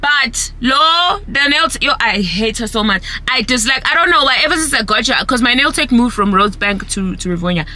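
A young South African woman chatting casually in a vlog, ranting with lively energy. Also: a little high, normal speed, hardly any pauses. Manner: animated, ranting, switches between English and isiZulu. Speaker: vlogger.

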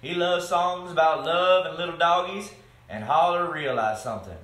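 Expressive man reading a storybook aloud. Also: a little high, moderate pace. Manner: expressive, talks to the children between pages. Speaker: reader reading aloud to children. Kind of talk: reading a picture book aloud. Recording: echoey room.

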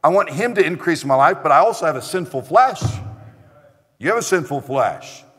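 Pastor guy preaching, kinda high voice, earnest, lots of restarts, echoey church hall. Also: lively intonation, fairly bright tone, slightly rough. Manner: earnest storytelling, halting restarts. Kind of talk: sermon. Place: church sanctuary.

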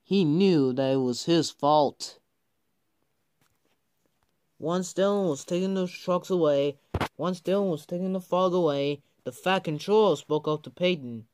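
A man narrating a homemade train story, halting often and restarting his sentences. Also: on the high side, darkish tone, clean tone. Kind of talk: improvised toy-train storytelling.

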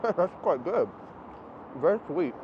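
A man's voice: fairly high pitch, moderate pace. Chatty male vlogger walking a city street. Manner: chatty and excitable, thinking aloud. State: a bit out of breath. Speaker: travel vlogger. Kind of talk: casual vlog narration while walking. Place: city streets outdoors and a convenience store. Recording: muffled outdoor camera audio with street noise.

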